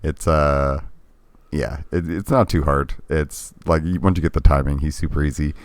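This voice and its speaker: A man's voice: very deep voice, fairly even intonation, normal speed, no room sound. A man co-hosting a casual retro gaming podcast, talking in a laid-back, hesitant way with lots of ums and restarts. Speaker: podcast co-host. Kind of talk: casual chat about retro games.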